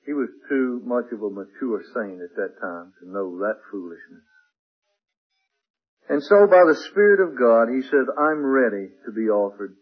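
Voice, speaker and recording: A man's voice: medium pitch, expressive, normal speed, breathy edge, phone-quality sound. A man preaching a sermon in an emphatic way, repeating and building his phrases.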